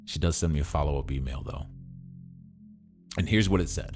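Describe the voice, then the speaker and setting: A man's voice: extremely low pitch, moderate pace, a little mellow, faint music behind. A man narrating his own story in a scripted podcast style, wry and dramatic, with punchy turns of phrase.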